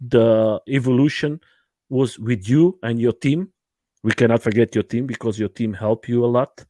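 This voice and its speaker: A man hosting a livestream from his home, speaking halting non-native English with many fillers and restarts in a casual interview chat. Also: mid-range voice, dark tone, no room sound. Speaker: livestream host.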